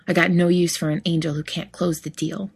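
Woman reading as an angry young guy, blunt and sweary, kinda low voice. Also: level tone, brisk, vocal fry, husky, exaggerated voice. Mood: furious, shouting. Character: angry young man, hot-tempered driver. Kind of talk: audiobook fiction reading.

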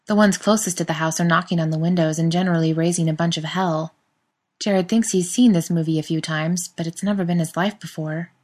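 A woman reading a story aloud in a steady narrating voice. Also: lowish voice, brisk. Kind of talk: scripted narration.

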